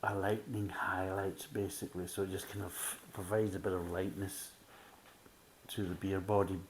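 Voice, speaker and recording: Deep-voiced man reviewing beer. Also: level tone, moderate pace, slight background noise. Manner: methodical, leans on filler words like "kind of". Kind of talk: casual tasting review.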